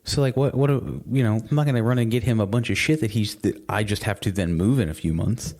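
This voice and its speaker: A man's voice: on the low side, a little fast, a little mellow. A man co-hosting a podcast, chatting casually in a rambling way, full of restarts and swearing. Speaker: podcast co-host. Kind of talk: casual chat.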